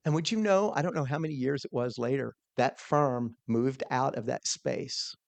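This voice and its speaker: A man telling an earnest, animated personal story as a podcast guest, quoting his own thoughts along the way. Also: mid-range voice, normal speed, creaky, dry recording. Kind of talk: storytelling in a conversation.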